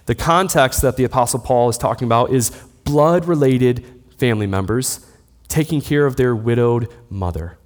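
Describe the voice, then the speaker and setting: A man's voice: mid-range voice, normal speed. A man in his thirties preaching a sermon, teaching steadily and posing rhetorical questions to the listeners. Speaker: pastor. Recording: long hall reverb.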